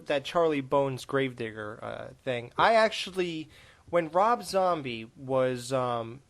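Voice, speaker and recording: Rambling joking male podcast host. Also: fairly high pitch. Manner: rambling, joking, frequent restarts. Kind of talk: casual chat.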